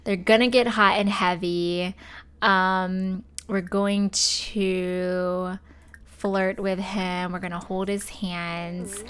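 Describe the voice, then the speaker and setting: Woman in a let's play host role, expressive and casual, with a mid-range voice. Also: medium pitch, drawn-out words, clear, resonant tone. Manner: chatty and expressive, full of fillers. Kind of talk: casual gameplay commentary.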